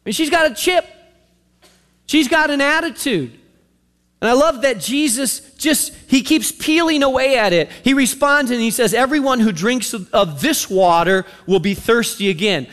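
A man preaching a sermon, retelling a story with animated, sarcastic acted-out voices. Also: extremely high pitch, normal speed, in a large hall.

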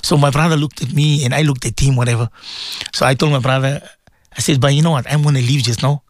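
A man's voice: medium pitch, fairly even intonation, fast, no room sound. A middle-aged man, hosting a radio show in an emotional, rambling monologue that he speaks straight to his co-host and his listeners.

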